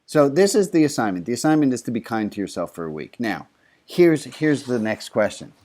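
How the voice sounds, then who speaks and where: Rabbi chatting loosely on a video call. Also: male voice, mid-range voice, sing-song, a little fast. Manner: warm, joking, stumbling restarts. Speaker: rabbi leading an online service. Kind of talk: casual, interactive service talk.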